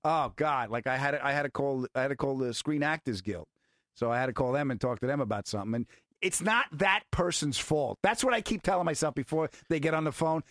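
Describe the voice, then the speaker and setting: A man's voice: mid-range voice, brisk, no room sound, clean studio sound. A man, a comedian guest, chatting casually and acting out exchanges as he tells stories. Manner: animated storyteller acting out exchanges. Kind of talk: casual chat.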